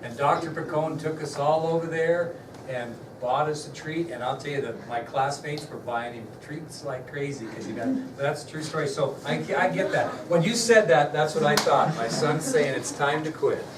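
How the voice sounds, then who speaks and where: A man's voice: on the high side, normal speed. A middle-aged man teaching a class, chatting directly with his students as he recounts a story. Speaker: history teacher. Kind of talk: classroom lecture with a personal story. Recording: echoey classroom from far off, noisy.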